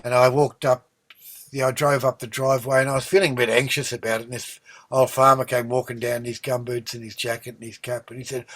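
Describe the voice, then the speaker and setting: Give me an older Australian man in an interview, telling stories warmly with frequent restarts. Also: medium pitch, fairly quick. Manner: warm rambling storyteller, many ums and restarts, lively when recounting. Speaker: interview guest, singer-songwriter. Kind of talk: relaxed storytelling conversation.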